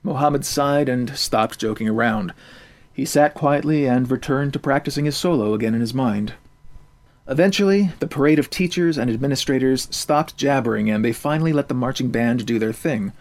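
A man narrating a story in a steady, even reading voice. His pitch sits in a middle range for a man. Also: normal speed.

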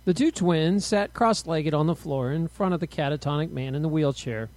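A man giving expressive audiobook narration of a spooky story, read close to the mic. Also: fairly high pitch, moderate pace, dry recording.

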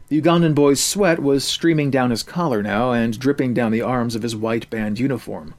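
A man narrating a story in a steady, even reading manner. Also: mid-range voice.

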